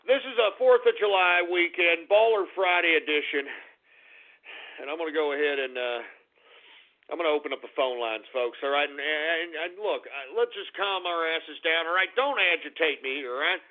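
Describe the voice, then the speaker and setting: A man's voice: a little high, moderate pace. A male call-in radio host who sounds winded and lightheaded, swearing and ranting in agitated bursts, then dropping to a mutter. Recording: tinny phone-like call-in audio.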